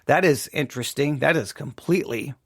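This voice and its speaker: A man's voice: a little high, a little fast, slightly rough, dry recording, clean studio sound. A man giving a devotional Bible study talk, thinking aloud with frequent restarts and rhetorical questions. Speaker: Bible teacher.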